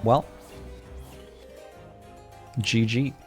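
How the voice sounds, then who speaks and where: A streamer giving casual gameplay commentary, with dry, joking asides. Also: male voice, medium pitch, steady tone, very slow, faint music behind.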